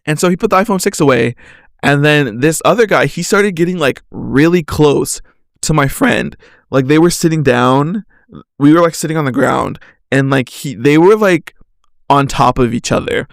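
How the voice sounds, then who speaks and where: A man's voice: a little high, normal speed, vocal fry, no room sound, studio quality. A young man hosting a solo podcast, rambling casually through a story with lots of slang and "like" fillers, often laughing at himself. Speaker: podcast host.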